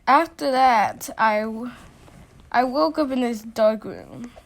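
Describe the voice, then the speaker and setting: A woman telling a personal story in a casual storytime, halting often with restarts and fillers. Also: on the high side, lively intonation, vocal fry.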